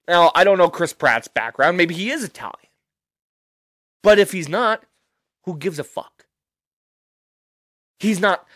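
Animated ranting male podcast host. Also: high-pitched, no room sound, studio quality. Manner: animated, swears freely, talks himself into outrage. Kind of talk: casual podcast rant.

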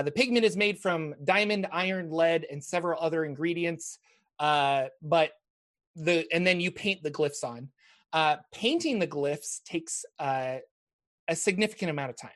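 A man's voice: on the high side, fairly bright tone. A man running a tabletop game as dungeon master, explaining rules at an easy pace with many ums and uhs.

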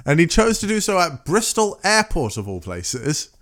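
A man's voice: on the high side, very animated, moderate pace, fairly bright tone. Rambling, joking male co-host. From England. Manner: rambling, self-correcting, joking. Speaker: podcast co-host. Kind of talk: casual chat recapping a game show.

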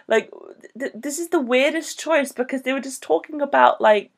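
A woman co-hosting a podcast, talking casually about a film in a rambling, animated way. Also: high-pitched, moderate pace, gravelly. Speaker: podcast co-host.

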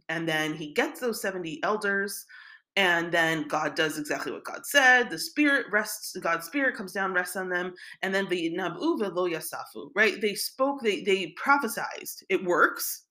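A woman's voice: lowish voice, animated, normal speed, sharp tone. A woman teaching a scripture lesson in a casual, conversational way, retelling the text in everyday speech. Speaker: Torah teacher.

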